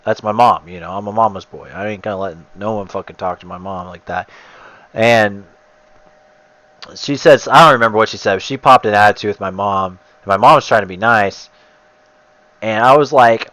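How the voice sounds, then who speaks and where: A man's voice: fairly low pitch, a little fast, a bit bright, dry recording, low-quality recording. A man casually telling a long story while gaming, rambling and swearing heavily, and getting heated. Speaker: gamer streamer.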